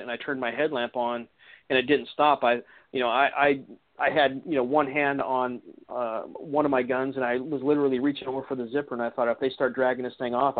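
A man recounting an encounter as a guest on a radio interview, rambling with many restarts and "you know"s. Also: mid-range voice. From Washington state. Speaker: eyewitness guest. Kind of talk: casual storytelling interview. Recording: tinny phone line.

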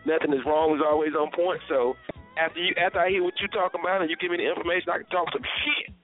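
A man's voice: a little high, steady tone, quick pace. Hyped man hosting radio over a thin line. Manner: hyped, slangy encouragement. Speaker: radio show host. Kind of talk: casual radio banter. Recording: tinny phone-line sound with faint music.

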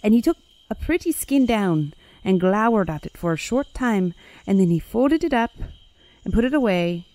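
A woman's voice: mid-range voice, animated, normal speed, a little mellow, close to an everyday voice, rough recording. A woman voicing a little girl who earnestly explains what she saw. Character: innocent little girl, eager and helpful.

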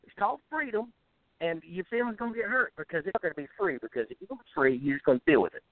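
Heated and racing, this man talks with a high voice and lively intonation in a rural American Southern-style drawl. As a musician guest on a phone interview, he swears a lot and rants bluntly, repeatedly stumbling and restarting. The audio is a dry, tinny phone line with no room sound.

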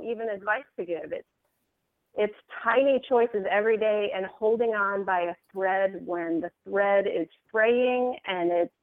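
A woman guest on a faith podcast, speaking gently and reflectively with pauses and restarts. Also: medium pitch, dry recording. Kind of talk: faith-based conversation. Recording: tinny phone line.

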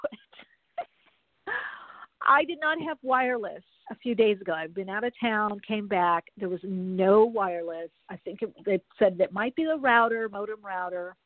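A woman's voice: mid-range voice, no echo. A woman hosting a podcast in a casual, chatty way, rambling through everyday stories. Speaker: podcast host. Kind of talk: casual chat. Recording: tinny phone-like dry sound.

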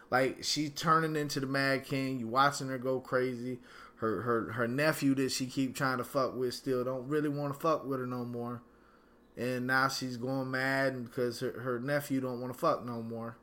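Male podcast host, bright edgy tone, mid pitch, solo profane rant at home. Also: steady tone, moderate pace. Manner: angry, profane ranting with slang.

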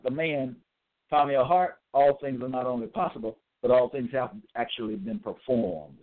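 A man delivers a religious monologue at a middling pitch, reading scripture aloud and hammering home each point. He repeats himself emphatically and slows down on the words he stresses. The sound is thin and tinny, as if over a phone line.

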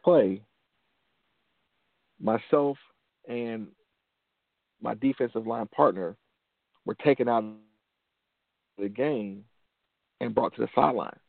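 Gravelly man telling a story over a phone line. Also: mid-range voice, slow, pauses often, no room sound. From Detroit, USA. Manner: earnest, repeats phrases for emphasis. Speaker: motivational show host. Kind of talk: motivational storytelling. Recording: dry phone-line sound.

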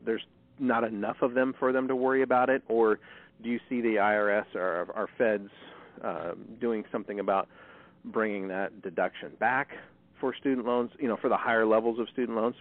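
A man's voice: fairly low pitch, fairly even intonation, a little fast, dry recording. A man hosting an interview podcast, chatty with dry sarcasm, talking over a phone call. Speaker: podcast host. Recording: tinny phone line.

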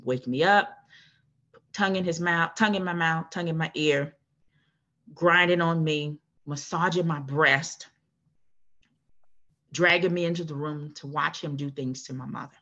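A woman guest telling her own story in an earnest, measured way, with a husky voice. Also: sits low, a bit bright, highs cut off. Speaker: interview guest. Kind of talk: personal testimony.

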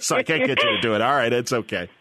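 A man's voice: medium pitch, wildly swooping pitch, noisy background. Male radio host; eager, affirming, casual, loose questions. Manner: enthusiastic, quick affirmations, rambling questions. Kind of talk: casual interview chat.

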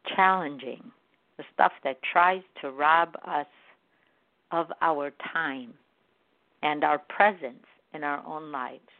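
Woman doing a pep-talk podcast, animated, plays out her own thoughts, sounds like a phone line. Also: deep voice, slow. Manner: animated, acts out her own inner voices. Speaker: podcast host. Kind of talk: motivational podcast monologue. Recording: dry, phone-like audio.

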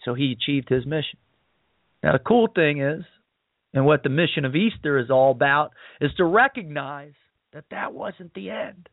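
A high-pitched man speaks as a podcast host, emphatic and repetitive, retelling a story in a loose sermon-like style. The sound is dry and tinny, as if over a phone line. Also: expressive, moderate pace, no room sound. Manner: emphatic, repetitive, peppered with "man" and "you know". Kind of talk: casual spoken retelling, sermon-like.

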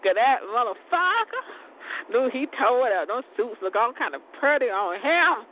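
A woman's voice: a little high, big pitch swings, normal speed. A woman hosting an internet radio show, rambling casually and profanely with frequent laughter, outdoors on a balcony. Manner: chatty, profane, laughs often. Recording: tinny phone line, faint outdoor noise.

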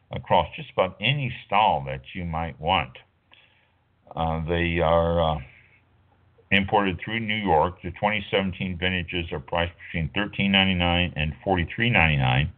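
A deep-voiced middle-aged man hosts a wine talk show, drifting from point to point with plenty of "uh"s and quick self-corrections. His voice comes through a thin, phone-like line. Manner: rambling, filler-heavy, self-correcting. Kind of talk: casual talk radio monologue.

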